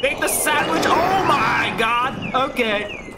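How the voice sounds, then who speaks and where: A woman doing let's play commentary, excitable and laughing often, swearing at the game and reading its text aloud. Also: sits high, takes it slowly. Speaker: gaming YouTuber. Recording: game music behind her voice.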